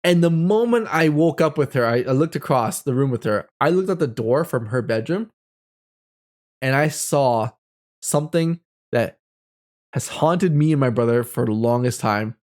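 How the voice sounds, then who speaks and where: A man in his thirties telling a personal ghost story as host, animated and full of fillers. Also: mid-range voice, normal speed. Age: 30s.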